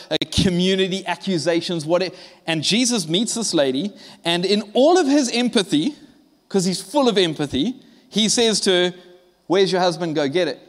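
High-voiced preaching man in a hall. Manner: emphatic, conversational preaching with acted-out dialogue. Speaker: pastor. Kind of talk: sermon.

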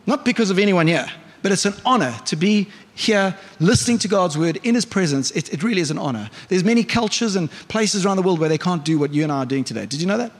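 A man's voice: high-pitched, lively intonation, fast. A male pastor preaching a conversational sermon in church, often asking the congregation questions. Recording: reverberant church hall.

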